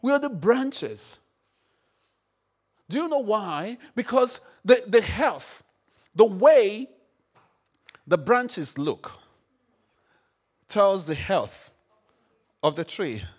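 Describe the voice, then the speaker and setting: A man preaching a sermon, repeating phrases, firing questions at the congregation and rising to shouts. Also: high-pitched, big pitch swings, very slow, pauses often. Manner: call-and-response, repeats phrases, rises to shouts; rhetorical questions to the audience.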